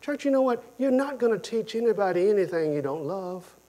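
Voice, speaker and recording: A man with a high voice preaches a sermon at a slightly quick pace, telling stories with animation. He repeats himself often and swings between loud, emphatic lines and quiet ones.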